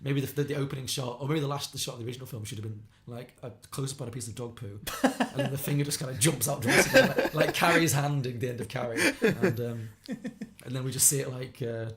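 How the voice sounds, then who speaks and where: A man hosting a casual podcast, chatty and quick, reading out listener suggestions with a laugh here and there. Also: medium pitch, lively intonation, a bit bright. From Liverpool area of England. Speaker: podcast host.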